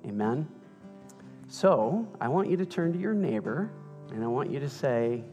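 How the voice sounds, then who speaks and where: A man preaching a sermon as pastor, playful and animated as he tells a story. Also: medium pitch, normal speed. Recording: reverberant hall with music underneath.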